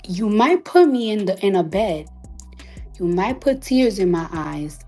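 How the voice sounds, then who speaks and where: A woman's voice: mid-range voice, very animated, faint music behind. Defiant woman, emphatic and profane. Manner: slows to a hushed whisper at times. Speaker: recording artist. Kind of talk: emotional monologue on a live audio chat.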